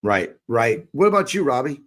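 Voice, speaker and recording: A man's voice: mid-range voice, very animated, moderate pace. A man hosting a casual wrestling podcast, putting questions to his co-hosts. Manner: asks co-hosts questions, reads listener questions. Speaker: podcast host.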